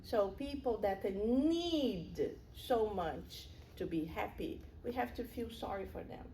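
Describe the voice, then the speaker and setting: A woman's voice: mid-range voice, animated, takes it slowly, dark tone, a little hiss or hum. A middle-aged woman giving a public spiritual lecture in an earnest, conversational way, with personal stories.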